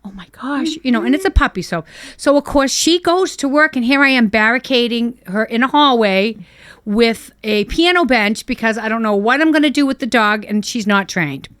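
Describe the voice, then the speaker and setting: An older woman, a dog owner and podcast guest, telling a family story in a casual, animated way and acting out what people said. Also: fairly high pitch, moderate pace, clear, resonant tone, no echo, studio quality. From Boston area. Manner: animated, acts out family members' voices in quotes.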